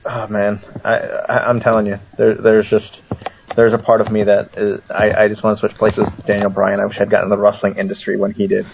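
A man guesting on an online radio show, self-deprecating and halting as he restarts his sentences. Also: fairly low pitch, monotone, vocal fry, lo-fi sound, background noise. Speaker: guest columnist. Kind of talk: casual radio chat.

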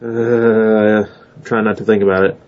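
A man's voice: lowish voice, little pitch movement, measured pace. A man co-hosting a podcast, making blunt, profane remarks in casual chat. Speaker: podcast co-host. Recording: dull lo-fi mic.

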